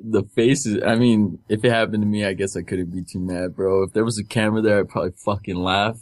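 A man's voice: on the low side, fairly even intonation, a little fast, darkish tone, no echo. A man in a casual chat, swearing constantly and using slang, with "dude" at the end of almost every line.

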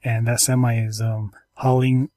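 A man hosting a casual chat, talking haltingly with many ums and restarts while telling stories and going through apps. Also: medium pitch, flat delivery, darkish tone, no room sound.

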